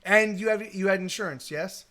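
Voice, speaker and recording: On a casual live stream, a Texan musician rambles at a normal speed in a high, sharp-toned voice. He swears a lot and keeps restarting, leaning heavily on fillers.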